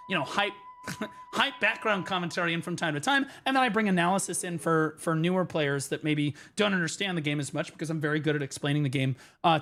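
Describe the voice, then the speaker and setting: A young man telling a story on stream in a profane, excitable way, now and then bursting into shouts. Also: on the high side. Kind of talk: animated storytelling rant.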